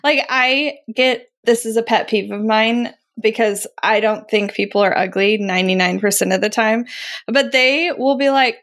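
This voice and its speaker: A woman co-hosting a podcast chats in a lively way. Her voice sits slightly high. She often mimics other people's remarks as she makes her point. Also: moderate pace. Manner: animated, quotes people in a raised voice. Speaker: podcast co-host. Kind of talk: casual chat.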